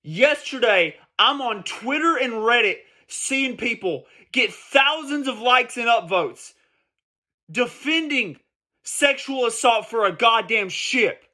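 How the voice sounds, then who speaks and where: Male vlogger, high-pitched, emphatic and profane, casual heated commentary. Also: bright, forceful tone. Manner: emphatic, profane, repeats points for stress.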